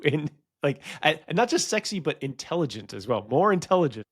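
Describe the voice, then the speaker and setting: A man's voice: on the high side, very animated, brisk, no room sound, clean studio sound. An American man co-hosting a podcast, talking frankly in casual chat, swearing now and then and often restarting his sentences. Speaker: podcast co-host.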